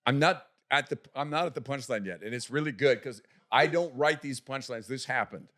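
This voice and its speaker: Lively man telling a comic story. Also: medium pitch, fairly quick. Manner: animated storyteller who acts out the voices in his story; restarts and repeats words often. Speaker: podcast guest. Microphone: podcast studio microphone.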